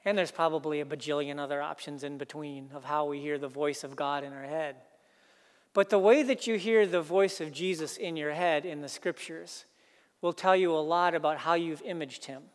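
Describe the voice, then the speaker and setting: A pastor preaching a sermon, earnest, building emphasis through repeated phrases. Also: male voice, fairly high pitch, moderate pace, big-room sound.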